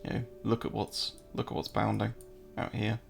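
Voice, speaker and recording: A man's voice: on the low side, monotone, normal speed, creaky, faint music behind. An English man hosting a casual live-stream, joking, answering viewer chat and walking through trading charts. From England.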